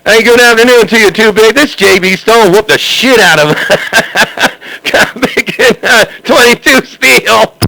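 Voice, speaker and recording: A man's voice: high voice, slow pace, gravelly, pushed and bright. A man trash-talking over a CB radio, taunting and repeating himself, with a crackly radio sound. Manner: taunting, repetitive, laughing. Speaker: CB radio operator.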